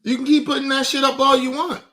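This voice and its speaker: A man rants into his streaming mic at a high pitch, talking straight to the viewers in his chat. His voice is bright and forceful, and his mocking, profane delivery stays combative throughout. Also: flat delivery, fast talker. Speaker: livestream host. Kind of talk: profane livestream rant to chat. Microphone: streaming setup mic.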